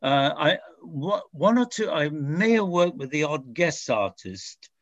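A man's voice: on the high side, big pitch swings, unhurried, no echo. Older man reminiscing, dry and muffled. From France. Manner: rambling, self-correcting, chuckling. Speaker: actor. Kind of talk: reminiscing interview answer.

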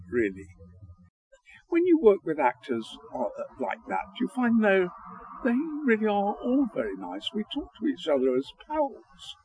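A man's voice: medium pitch, low-quality recording. An older man, an actor answering interview questions and recalling past work, with many ums and uhs. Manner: hesitant, full of ums and uhs, gentle and chatty.

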